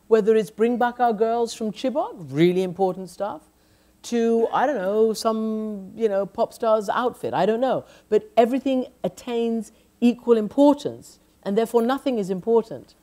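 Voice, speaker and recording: A woman's voice: medium pitch, a little mellow. A middle-aged woman journalist in an onstage conversation, talking emphatically with frequent restarts and "you know". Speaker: journalist, lecture guest.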